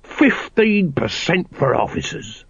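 A man voicing a shifty, fast-talking male street hawker with a wheedling salesman's patter. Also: medium pitch, creaky, slightly rough, no room sound. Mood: urging. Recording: dry, slightly dull studio recording.

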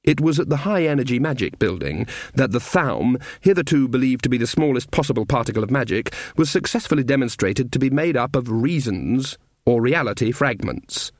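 A man narrating an audiobook with a dry, wry, even delivery. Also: mid-range voice, brisk, hardly any pauses, no room sound.

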